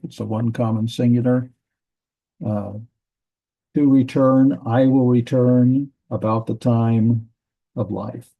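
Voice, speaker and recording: A man teaching a grammar lesson from a Bible language textbook, methodical, repeating words and pausing with fillers. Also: medium pitch, dull audio.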